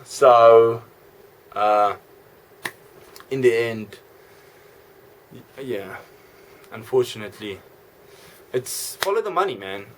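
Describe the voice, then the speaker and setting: A man's voice: medium pitch, lively intonation, slow pace, pauses often, slight background noise. A man vlogging in a rambling, jokey, self-correcting way. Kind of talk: rambling casual monologue.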